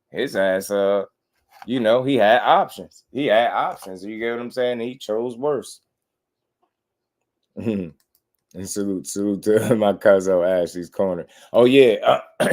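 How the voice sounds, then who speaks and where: A young man hosting a casual boxing livestream, animated and slangy, laughing often and mimicking people. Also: on the low side. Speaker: boxing commentary host.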